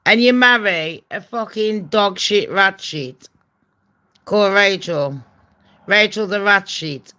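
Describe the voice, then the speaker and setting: A woman's voice: mid-range voice, slow, sharp tone. A woman from England with a Birmingham accent, hosting a casual live-stream chat, blunt, gossipy and foul-mouthed, slipping into mock accents. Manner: slips into mock voices and accents. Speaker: channel host.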